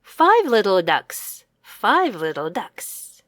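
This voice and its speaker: A woman giving an English reading lesson to a child, saying words slowly and clearly and repeating them for the learner. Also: mid-range voice, big pitch swings, fairly bright tone, no echo, clean studio sound.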